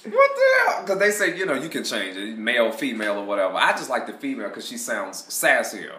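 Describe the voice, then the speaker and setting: A man casually telling funny stories to camera, animated and laughing, with some swearing, in an echoey room with faint background noise. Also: mid-range voice, quick pace. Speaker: vlogger. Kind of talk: casual storytelling vlog.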